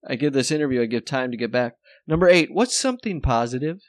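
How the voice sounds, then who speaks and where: A man's voice: medium pitch, expressive, dry recording. A man hosting a podcast, rambling through casual comedic banter and laughing often. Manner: jokey, rambling, quick to laugh. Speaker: podcast host.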